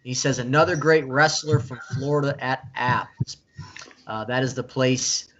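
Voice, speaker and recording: A man's voice: medium pitch, fairly even intonation, normal speed, fairly bright tone, highs cut off, a little hiss or hum. A man hosting a casual live-stream interview, chatty and enthusiastic, often repeating himself. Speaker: host.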